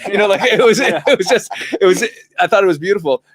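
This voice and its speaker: A man who is a rabbi appears as a guest on a studio talk show, chatting casually in an animated way and laughing often. He restarts and repeats words as he explains, speaking quickly in a high-sitting voice.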